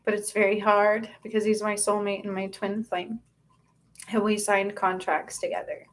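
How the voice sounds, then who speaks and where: A woman's voice: mid-range voice, level tone, moderate pace, slight background noise. A woman speaking as a spiritual channel host. She gives an earnest, confessional personal testimony and often stops and restarts mid-sentence. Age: adult.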